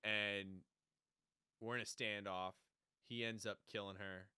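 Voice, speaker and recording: Bright-voiced man recapping a show. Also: lowish voice, clean tone, dry recording, clean studio sound. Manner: animated, acts out characters in quick impressions. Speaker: podcast co-host. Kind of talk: casual chat recapping a TV show.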